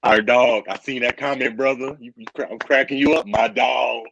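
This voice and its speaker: A man, co-hosting a live reptile stream in casual, excitable chat and calling people brother. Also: medium pitch, normal speed, vocal fry, noisy background. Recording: dull, dry lo-fi stream audio.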